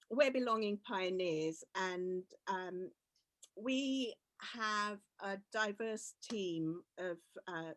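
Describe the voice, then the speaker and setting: A woman's voice: fairly low pitch, no echo. A woman facilitating a conference session on a video call, upbeat and friendly, with easy laughter. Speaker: facilitator and consultant.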